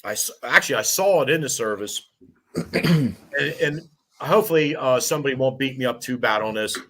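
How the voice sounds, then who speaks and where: A man in his fifties, a firefighter lieutenant, telling animated, swearing stories on a podcast. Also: medium pitch, normal speed. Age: 50s. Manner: animated, laughing, swearing storyteller. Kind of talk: casual storytelling.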